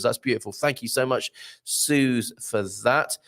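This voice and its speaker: A man hosting a casual live stream, reading viewer comments aloud in a chatty, rambling way with lots of fillers. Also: a little slow. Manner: chatty, rambling, lively pitch, many fillers.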